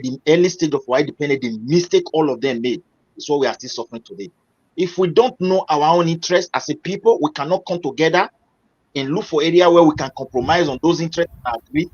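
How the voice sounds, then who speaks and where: A man calling into a live debate, making a deliberate, speech-like case. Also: fairly high pitch, husky. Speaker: caller. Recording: dull lo-fi call audio.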